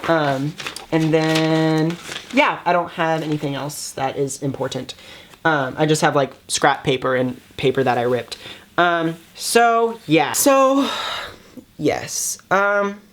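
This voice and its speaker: A man's voice: a little high, measured pace, fairly bright tone, a little hiss or hum. A young man talking casually to his camera as a YouTuber, hesitant and full of fillers, keeping an upbeat tone on purpose. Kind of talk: casual vlog talk.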